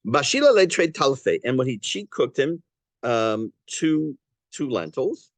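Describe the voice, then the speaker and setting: Rabbi teaching a class, animated delivery, translating as he goes; dry close sound. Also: medium pitch, no echo. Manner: translates Aramaic phrase by phrase, lively and conversational; halting restarts and fillers while explaining. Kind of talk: Torah class explaining a Talmud story.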